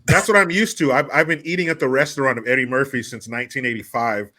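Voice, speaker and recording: A man's voice: mid-range voice, fast talker, sharp tone. A man co-hosting a podcast, ranting profanely in casual chat and putting on voices to quote movies. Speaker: podcast co-host.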